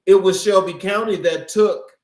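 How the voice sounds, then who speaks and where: A man hosting an interview, asking questions in a measured, formal way. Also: high-pitched, darkish tone. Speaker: interview host. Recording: echoey room.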